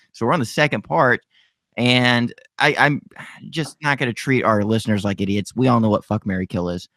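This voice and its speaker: A man hosts a podcast in a loose, joking way, laughing often as his pitch jumps around. The sound is dry and close, with no room echo. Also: fairly bright tone. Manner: laughs often, chatty and self-mocking. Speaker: podcast host. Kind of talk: casual podcast chat.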